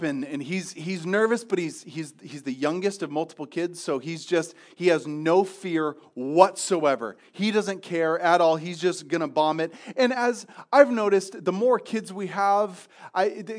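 A high-voiced man pastor delivers a sermon as a relaxed, humorous story. He pokes fun at himself in a chatty way and often stumbles over his words to restart his sentences. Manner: self-deprecating, chatty, many restarts.

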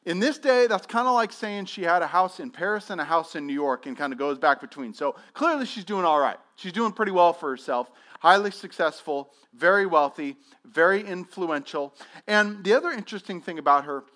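A man's voice: high voice, expressive, fairly quick, sharp tone. A male pastor preaching a sermon, telling stories with acted-out dialogue and frequent restarts.

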